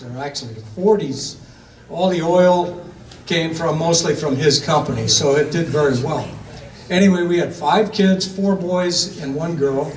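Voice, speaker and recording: Older Ohio man telling family stories. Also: on the high side. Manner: rambling, many fillers, acts out quoted voices. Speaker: storyteller recounting family history. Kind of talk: casual spoken storytelling. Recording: echoey room, voice from a distance, faint ambience.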